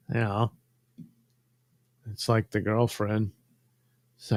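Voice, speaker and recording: A man's voice: lowish voice, level tone, extremely slow, pauses often, no room sound. A man hosting a casual commentary while coloring drawings, rambling and sardonic, trailing off into fillers. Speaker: host.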